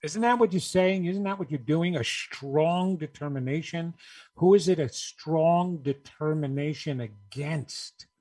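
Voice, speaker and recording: A man's voice: a little high, measured pace, a little mellow. A man giving a motivational talk, emphatic and rhetorical, repeating his key phrases and asking the listener questions. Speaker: speaker on New Year's resolutions.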